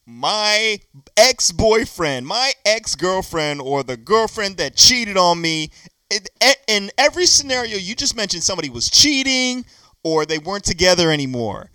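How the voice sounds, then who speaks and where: Man, podcast host, teasing, argumentative, bright clear voice, very lively pitch. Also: normal speed, no room sound. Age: adult, married. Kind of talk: casual banter.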